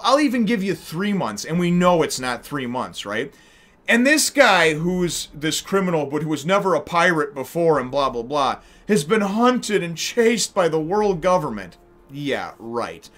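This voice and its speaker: A man giving a casual, rambling spoken review of a manga chapter, with many fillers and restarts. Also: a little high. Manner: animated when acting out characters.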